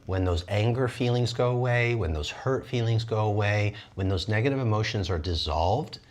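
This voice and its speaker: A man teaching energy arts in an animated, lively way, often jumping into high playful voices for the people he quotes. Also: normal speed. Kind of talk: animated wellness talk.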